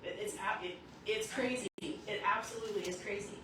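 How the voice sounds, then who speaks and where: A woman's voice: mid-range voice, a little fast, crowd noise. Woman preaching in an echoey church. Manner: lively storytelling, acts out quotes. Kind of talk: sermon. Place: church sanctuary. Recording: echoey church hall from a distance.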